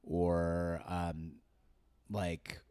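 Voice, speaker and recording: A man's voice: low voice, completely flat delivery, drawn-out words, darkish tone, clean tone, no echo, clean studio sound. A man in casual podcast chat, thinking aloud with many restarts and asking wry questions.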